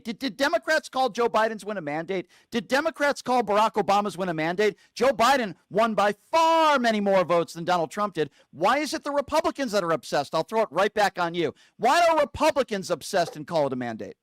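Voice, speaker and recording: High-voiced combative male talk host. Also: very animated, a little fast, hardly any pauses, a bit bright, no room sound, clean studio sound. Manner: berating, insulting, interrupting; repeats questions insistently. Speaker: call-in show host. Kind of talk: combative call-in debate.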